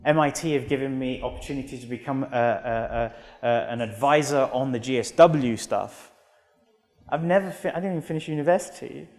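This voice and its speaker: A British man in his thirties giving an energetic motivational keynote in a large auditorium, telling stories with acted-out quotes. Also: medium pitch, fairly quick. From United Kingdom. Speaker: motivational speaker. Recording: long hall reverb.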